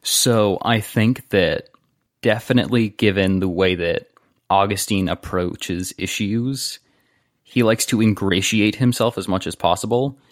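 A man's voice: lowish voice, a little slow, dry recording, studio quality. A man playing a tabletop role-playing game, thoughtfully describing what his character does. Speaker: player. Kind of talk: tabletop game play, casual.

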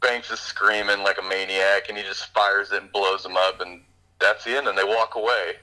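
Bright-voiced man rambling through a movie recap. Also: fairly low pitch, moderate pace, poor audio. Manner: rambling, animated retelling with fillers. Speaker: podcast co-host reviewing a movie. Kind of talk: casual chat.

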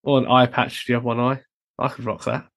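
A man co-hosting a casual chat, teasing the others and laughing loudly. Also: medium pitch, level tone, fairly quick, gravelly. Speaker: podcast co-host.

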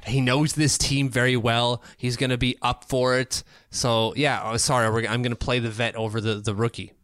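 A man's voice: medium pitch, level tone, normal speed, a bit bright, dry recording, clean studio sound. A man co-hosting a hockey podcast in casual sports chat, rambling and joking as he goes. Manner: rambling, joking, restarts words.

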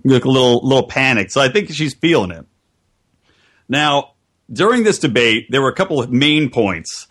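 Man, podcast host, casual chat, wry, animated storytelling. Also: medium pitch, normal speed.

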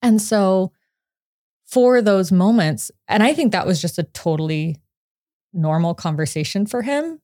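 A woman in her thirties, a psychotherapist guest on a podcast, telling a personal story in a lively way, laughing often and acting out what people said. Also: medium pitch, unhurried, no room sound, clean studio sound. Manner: animated storytelling, acts out quotes, laughs often. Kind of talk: casual podcast conversation.

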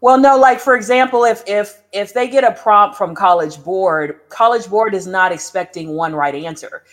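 A middle-aged woman, a high school English teacher, talking as a podcast guest in an earnest, measured way. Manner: earnest, measured, explains patiently. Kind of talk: casual chat.

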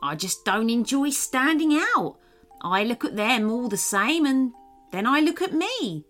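Lady doing a shy lanky gnome, soft and a bit sheepish, slow storybook pace. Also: a little high, big pitch swings, soft background music. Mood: gentle. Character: tall shy male garden gnome.

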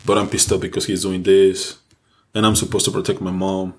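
A young man with a very deep, low voice tells a personal story on a casual podcast. He speaks candidly and with feeling, cursing freely as the memory builds. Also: little pitch movement, fairly quick. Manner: candid, emotional personal storytelling with frequent swearing. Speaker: podcast co-host.

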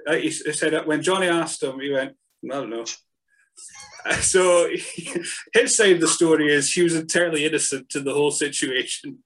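A man hosting a podcast who interviews his guest in a relaxed, chuckling, conversational way. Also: on the high side, brisk, rough recording. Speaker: podcast host. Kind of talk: casual interview.

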